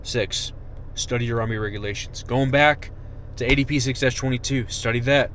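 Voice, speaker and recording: A young man and army veteran venting in an angry, profane monologue that swings from shouting to muttering. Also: mid-range voice, normal speed, slight background noise.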